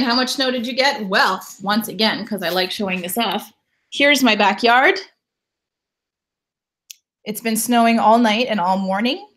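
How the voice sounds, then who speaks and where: A woman's voice: medium pitch, a bit bright. Chatty Canadian woman on a live stream. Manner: chatty, reads viewer comments aloud and greets them. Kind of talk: casual live-stream chat. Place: home in winter.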